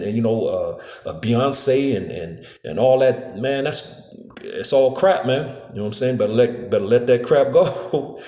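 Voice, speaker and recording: This phone-recorded scripture lesson comes from a preacher with a mid-range, slightly mellow voice, echoing around the room. His street-style delivery is casual, full of "man" and "you know what I'm saying," with stumbles over repeated words.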